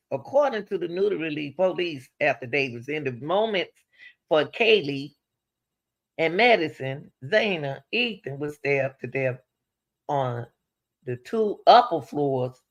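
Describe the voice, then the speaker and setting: Speaking directly to her audience, a woman offers laid-back true-crime commentary at a measured pace. She poses rhetorical questions and swings energetically between high-pitched exclamations and quiet asides.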